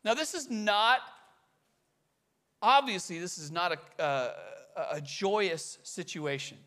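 A pastor from the Bay Area giving a conversational sermon, telling stories with animated swings between loud emphasis and quiet asides. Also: male voice, sits high, slow pace. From California Bay Area.

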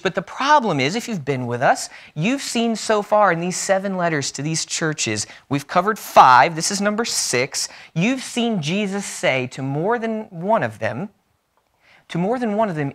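A man's voice: high voice, sing-song, unhurried, a bit bright. Folksy, emphatic male preacher. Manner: folksy, self-deprecating humor between earnest points. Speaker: pastor. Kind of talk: sermon with opening prayer. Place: church sanctuary.

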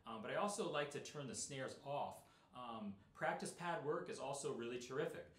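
A middle-aged man teaching snare drum in a relaxed, explanatory way, with many fillers. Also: mid-range voice, normal speed, reverberant. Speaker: percussion teacher. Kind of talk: instructional talk.

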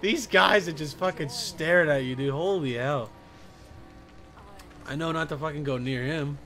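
A man doing let's play commentary, excitable and profane, talking to himself as he plays. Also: on the high side, moderate pace. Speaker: gaming commentator.

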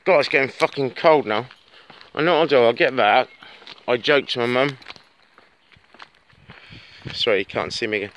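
A man rambling chattily into his phone while walking home on a dark road at night, swearing freely as he talks. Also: mid-range voice, normal speed, pauses often. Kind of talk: casual vlog monologue. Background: birds tweeting, faint outdoor noise.

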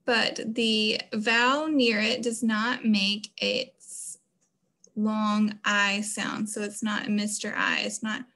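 A woman's voice: mid-range voice, flat delivery, takes it slowly, pushed and bright. A woman teaching a phonics lesson to children, explaining patiently step by step.

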